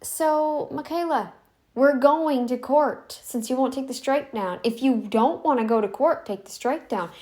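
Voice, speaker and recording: Confrontational woman with a high voice. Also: darkish tone. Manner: confrontational, repeats demands, many restarts. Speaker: YouTube commentary channel host. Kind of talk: casual direct-to-camera monologue. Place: home room, not in frame.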